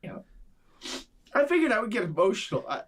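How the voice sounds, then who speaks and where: A man's voice: high voice, big pitch swings, a little fast. A man in a video reacting to a film trailer, rambling earnestly and gushing as a devoted fan. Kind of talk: enthusiastic fan reaction commentary.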